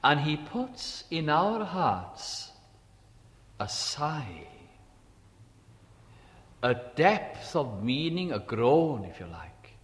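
A man preaching a sermon, slow and emphatic, repeating key phrases and dropping to quiet asides. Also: a little high, very animated, big-room sound.

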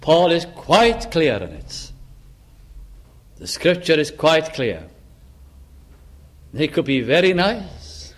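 A man preaching a sermon in church, earnest, slowing down and lifting his voice on the words he stresses. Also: on the high side, big pitch swings, a bit bright. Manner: earnest, slows down and rises for emphasis.

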